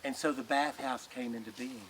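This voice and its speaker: A man telling a folk tale aloud in a lively, folksy way, with colloquial asides to listeners. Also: medium pitch, moderate pace, a little hiss or hum. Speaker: storyteller. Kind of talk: oral folk storytelling.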